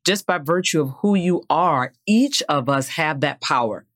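A man's voice: a little high, animated, normal speed, fairly bright tone, no echo. A man in his fifties who grew up in the American South hosts an interview, speaking earnestly and pressing his points with motivational emphasis. His voice is recorded dry and close. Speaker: host, former finance executive. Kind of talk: interview conversation.

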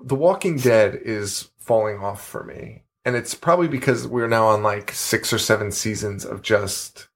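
A man's voice: lowish voice, normal speed, few pauses, fairly bright tone. A man co-hosting a podcast, chatting casually, rambling and swearing, often laughing. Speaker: podcast co-host. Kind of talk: casual chat.

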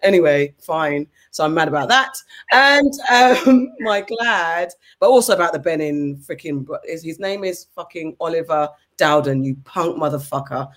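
A woman's voice: sits low, normal speed. Woman host in her 40s, blunt and profane, casual podcast storyteller. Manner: blunt, swearing, animated storytelling. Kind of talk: casual chat.

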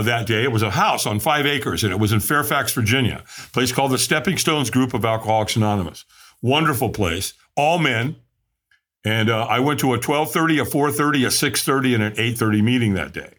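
Animated man telling his story. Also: fairly quick. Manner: animated, acts out quoted voices with big pitch jumps. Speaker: podcast guest. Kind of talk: candid storytelling.

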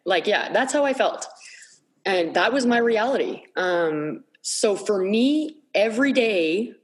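Woman podcast guest, candid storyteller, halting and repetitive delivery. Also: medium pitch, lively intonation. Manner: halting, repeats words, many fillers.

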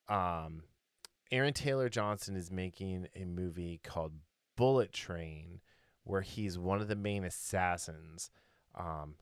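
A man's voice: sits low, fairly bright tone, smooth, no room sound, clean studio sound. A man co-hosting a podcast in casual chat, rambling and opinionated, with many fillers and restarts. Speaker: podcast co-host.

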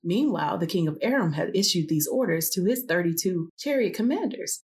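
A woman reading a biblical passage aloud in a relaxed, chatty way, with casual asides between sections. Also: fairly low pitch, a little fast, few pauses. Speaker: scripture reader.

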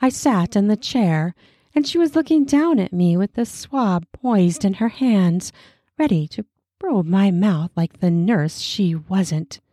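Slow, breathy woman reading erotic stories. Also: mid-range voice, animated, mellow, no room sound, clean studio sound. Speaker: storyteller. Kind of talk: erotic story narration.

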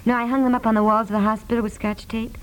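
A woman's voice: on the high side, level tone, rapid-fire, lightly acted, poor audio. An actress playing a chatty, motherly young wife bringing her newborn home, in 1950s radio drama acting. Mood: tender.

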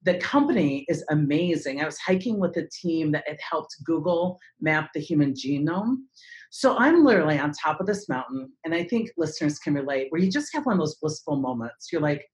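A woman in her forties tells a story as an interview guest, in a voice that sits on the lower side. She is theatrical and expressive, and she acts out other people's lines with big swings in her pitch. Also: moderate pace. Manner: animated, dramatic storyteller who acts out voices. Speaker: speaker and trainer.

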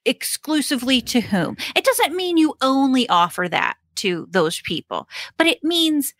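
A young woman chatting on a podcast in a dry, close recording. Her bright voice sits a little high and moves slowly, full of ums, restarts and quick laughs. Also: sing-song, no echo. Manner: hesitant, many fillers and restarts, laughs often. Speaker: HR consultant and professional coach. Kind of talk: casual podcast conversation.

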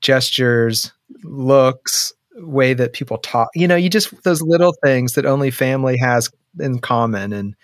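A man's voice: mid-range voice, measured pace, no echo, studio quality. A man hosting an interview, reflective and affirming, who often checks in with "right?". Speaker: host. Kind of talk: podcast interview and narration.

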